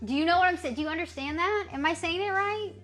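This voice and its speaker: A woman's voice: very high voice, fast talker, fairly bright tone, faint music behind. An American woman streamer chatting casually with her viewers, playfully trying out clumsy French phrases. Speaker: livestreamer.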